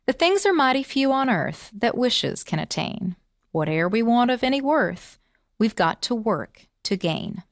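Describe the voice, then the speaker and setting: A woman teaching and reading children's stories aloud, expressive and asking the listeners questions. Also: on the high side, a little slow, gravelly, dry recording, studio quality. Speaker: storyteller teacher. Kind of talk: children's story reading and lesson.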